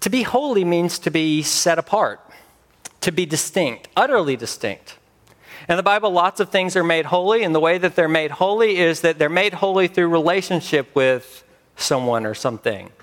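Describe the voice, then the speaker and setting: A man preaching a sermon as pastor, emphatic with dramatic pauses. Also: fairly high pitch, lively intonation.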